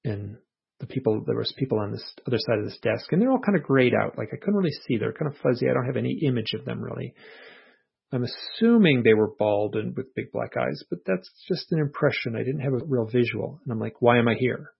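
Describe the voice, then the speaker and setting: A man, an author being interviewed, earnestly retelling a personal experience in a reflective, animated way, with his inner thoughts voiced as quotes. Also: mid-range voice, quick pace, gravelly, breathy edge. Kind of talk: casual conversational storytelling. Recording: muffled lo-fi audio.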